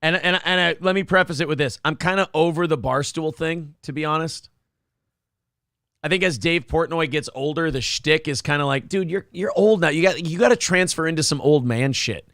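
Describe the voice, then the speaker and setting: A man's voice: fairly high pitch, normal speed, a bit bright, no room sound, studio quality. A man co-hosting a casual comedic morning show, riffing profanely and acting out quotes. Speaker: co-host. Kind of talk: casual comedic news chat.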